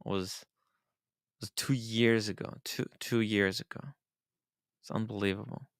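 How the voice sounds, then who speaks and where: A man hosting a casual livestream chat, animated and laughing often, sometimes trailing off into mumbles. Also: fairly low pitch, unhurried, dry recording, clean studio sound. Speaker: host.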